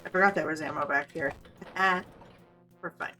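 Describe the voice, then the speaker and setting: Female streamer, 30s, low-set voice, profane and rambling gameplay chatter over soft game music. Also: fairly even intonation, moderate pace. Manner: profane, rambling, candid storytelling. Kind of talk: casual gameplay commentary.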